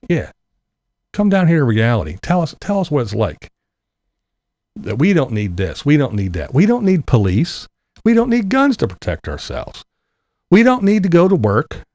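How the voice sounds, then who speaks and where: Male vlogger, fairly high-pitched, animated, profane and sarcastic ranter. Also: no echo. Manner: mocking mimicry of others. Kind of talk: angry political rant.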